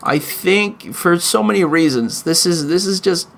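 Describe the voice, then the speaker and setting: A man hosting his own podcast, delivering an emotional, pleading opinion monologue with frequent halting restarts. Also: high-pitched, creaky, fairly bright tone. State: in chronic pain. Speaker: podcast host.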